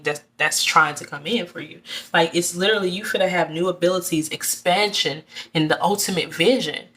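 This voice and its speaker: Low-voiced woman giving a tarot reading. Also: a bit bright. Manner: earnest, repetitive, addressing viewers directly. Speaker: tarot reader. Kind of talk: casual tarot reading to camera.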